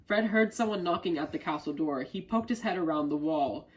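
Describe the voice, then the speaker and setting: A young man reading a children's picture book aloud with careful, even delivery and the odd small stumble. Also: on the high side, brisk, poor audio. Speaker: volunteer reader.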